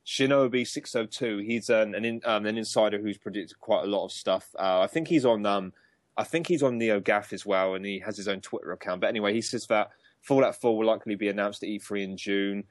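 A man chats his way through a gaming news podcast, loose and rambling, full of ums and restarts. His voice sits on the low side. The recording is close and completely dry, with no room sound. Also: fairly quick, dry recording. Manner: chatty, many ums and restarts, laughs easily. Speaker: podcast co-host. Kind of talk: casual gaming podcast chat.

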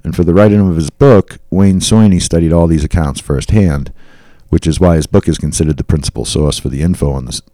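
Male podcast host, low-pitched, casual storyteller reading from notes, dry close mic. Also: fairly quick, warm tone, no echo. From New England. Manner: reads accounts aloud with asides and fillers.

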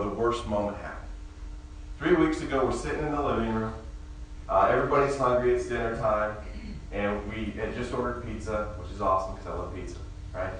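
A male pastor delivers a sermon in an easygoing, storytelling manner and slips jokes into his teaching. His voice rings through a very reverberant hall, heard from some distance off the mic with faint background ambience. His pitch sits in an ordinary middle range for a man. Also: a bit bright, slight background noise. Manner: conversational, storytelling with humor. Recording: very echoey room, mic far off, faint ambience.

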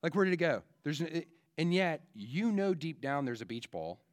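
A pastor preaching a conversational sermon in a casual way, with frequent fillers and restarts. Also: male voice, fairly high pitch, sing-song, moderate pace.

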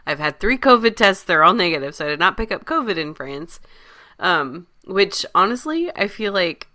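Congested woman, bright tone, relaxed chatty podcast co-host. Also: on the low side, moderate pace. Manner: chatty, laughs easily. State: congested, stuffy nose. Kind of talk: casual chat.

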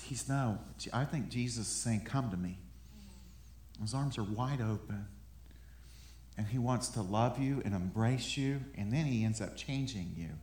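With a fairly low, darkish voice and a roomy sound, this pastor talks his sermon through to an audience. His style is conversational, leaning on repeated words to build each point.

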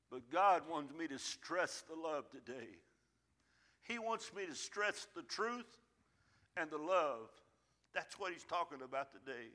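A middle-aged man preaching a sermon as pastor, folksy and repetitive, swinging from hushed pleading to loud emphatic lines. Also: a little high, lively intonation, measured pace. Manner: folksy, repeats phrases for emphasis.

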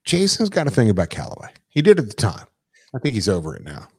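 A man with a fairly low voice tells a loose, rambling story in casual conversation. He swears freely and keeps circling back with fillers and restarts. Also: wildly swooping pitch, fast talker, darkish tone, breathy edge. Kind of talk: casual chat.

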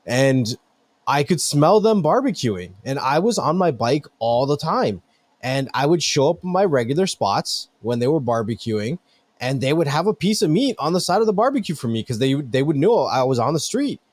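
A middle-aged man co-hosting a casual chat, animated and joking, swearing freely. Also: fairly high pitch, moderate pace, breathy edge.

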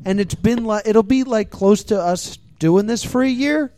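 A podcast host running a live show, rushing through plugs with jokes and self-corrections. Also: mid-range voice, dark tone, no echo. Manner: hurried, scattered, jokey. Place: live comedy venue.

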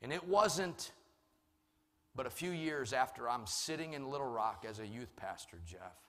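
A man preaching a sermon, telling a personal story and moving between quiet and loud passages. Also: mid-range voice, animated, moderate pace. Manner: storytelling, swings from soft to loud. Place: large church hall. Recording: long hall reverb.

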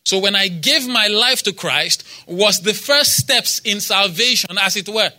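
A man's voice: high-pitched, expressive, a little slow, sharp tone. A man preaching a sermon in a church, quoting scripture with emphasis, repeating phrases and asking the congregation for responses.

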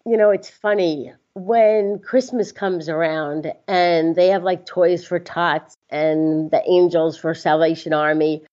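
A woman guest telling a personal story in a casual, animated way, often laughing and acting out what others said. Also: on the low side, takes it slowly, few pauses. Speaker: interview guest. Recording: slightly dull lo-fi sound.

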